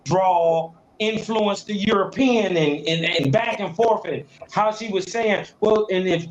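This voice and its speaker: A man's voice: sits high, takes it slowly, hardly any pauses, slight background noise, rough recording. A man co-hosting a casual chat, laid-back and swearing, laughing often.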